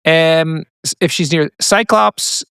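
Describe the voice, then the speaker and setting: A man co-hosting a podcast about a tabletop game, in a relaxed, chatty way. His voice sits a little high, and he laughs easily and often lets sentences trail off. The recording is dry, with no room sound. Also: takes it slowly, vocal fry, smooth, dry recording. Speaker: podcast co-host.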